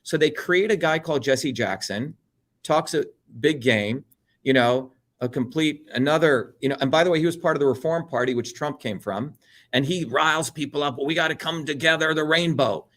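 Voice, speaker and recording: Here the same kind of speaker, a middle-aged Indian man, sits on the high side with a moderate pace and a somewhat bright sound. Guesting on an interview about heated politics, he talks bluntly and animatedly, swears freely, and does impressions of people.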